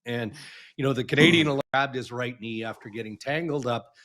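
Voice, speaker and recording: A man's voice: medium pitch, normal speed, a bit bright. A man co-hosting a podcast, reading an ad and running through the headlines. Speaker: podcast co-host.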